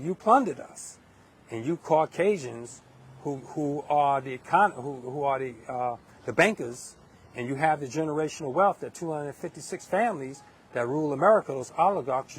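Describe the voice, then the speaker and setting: A man's voice: mid-range voice, a little hiss or hum. A man from Hempstead, New York, with a North Carolina-tinged New York accent, giving a heated live stream monologue outdoors at dusk into a handheld phone camera. He rants, restarts and repeats words as he goes. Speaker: livestreamer. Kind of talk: impassioned street livestream monologue.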